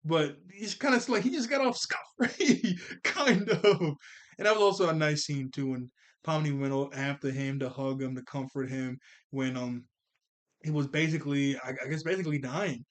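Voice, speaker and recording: A man's voice: mid-range voice, fairly quick. A man giving a casual spoken review of a cartoon, rambling with many fillers and restarts.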